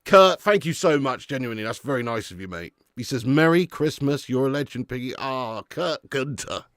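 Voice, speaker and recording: Excitable lad. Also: male voice, medium pitch, normal speed, no room sound, studio quality. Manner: excitable, banter-heavy, calls viewers mate and lad. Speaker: fan channel host doing a live match watch-along. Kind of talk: casual live-stream commentary and chat.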